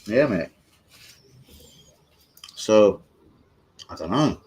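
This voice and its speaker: Husky sweary football streamer. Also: male voice, fairly low pitch, lively intonation, drawn-out words, darkish tone, rough recording. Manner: rambling, sweary, loses his thread. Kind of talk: casual livestream chat.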